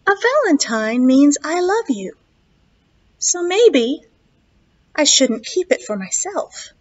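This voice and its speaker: A woman voicing a kind, caring little female mouse in a children's story, soft and coaxing. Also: high voice, sing-song, slow, voice pushed up, exaggerated voice. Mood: thoughtful. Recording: dull lo-fi recording.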